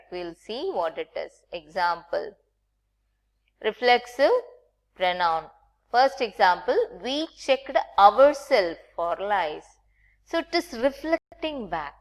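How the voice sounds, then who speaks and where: A woman teaching a recorded grammar lesson with Indian English phrasing, patient and checking in often with the class. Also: medium pitch.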